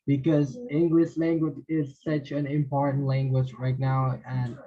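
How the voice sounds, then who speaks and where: A man teaching English pronunciation, reading word lists one by one and explaining with halting, repeated phrases and fillers. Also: mid-range voice, flat delivery. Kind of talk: slow word-list drill and explanation. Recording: dull lo-fi voice recording.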